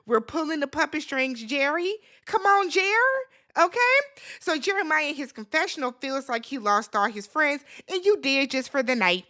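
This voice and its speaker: A woman talks through a reality-show recap in a casual, sassy way. She is blunt and opinionated and speaks right to her viewers. Her voice sits high and sounds bright and sharp. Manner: sassy, animated, talks straight to viewers as "y'all"; blunt and opinionated, quick swings in loudness. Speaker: recap vlogger, show host.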